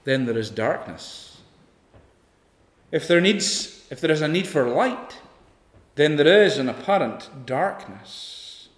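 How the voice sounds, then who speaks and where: A man preaching an evening sermon, emphatic, swinging from loud peaks to hushed lines. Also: on the high side, sing-song, slow, long pauses. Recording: echoey hall, long reverb.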